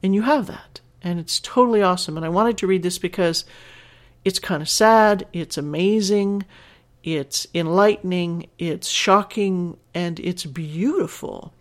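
A woman's voice: lowish voice, measured pace. Emotional, earnest woman podcast host. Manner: emotional, earnest, laughing through tears. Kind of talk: podcast reading listener letters.

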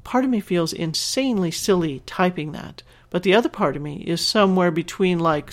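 A woman's voice: lowish voice, moderate pace, few pauses. A woman hosting a podcast, reading a listener's letter aloud and reacting in an earnest, emotional way, teary and laughing at times. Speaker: podcast host.

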